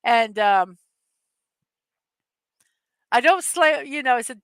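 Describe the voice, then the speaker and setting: A woman's voice: fairly high pitch, lively intonation, slow pace, dry recording. A middle-aged woman hosting a casual morning chat show, telling rambling stories and laughing often. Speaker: host.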